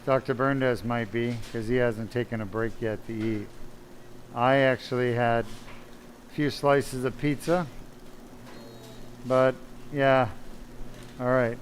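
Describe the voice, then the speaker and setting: A man's voice: mid-range voice, steady tone, slow pace, long pauses, slight background noise. Chatty male surgeon narrating live surgery. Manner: chatty, self-deprecating, talks to viewers while working. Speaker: spine surgeon. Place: operating room.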